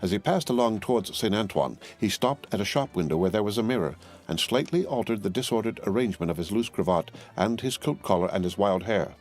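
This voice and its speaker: A man with a deep, low voice narrates a classic novel in measured, even storytelling. Soft music plays faintly behind the reading. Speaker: audiobook narrator. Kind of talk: scripted narration.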